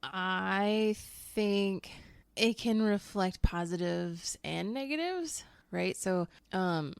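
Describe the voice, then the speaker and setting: Chatty woman with a creaky voice. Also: mid-range voice, animated, takes it slowly, no room sound. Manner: chatty, laughs often, swears casually. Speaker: teacher and guest book reviewer. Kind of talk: casual book chat. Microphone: home microphone.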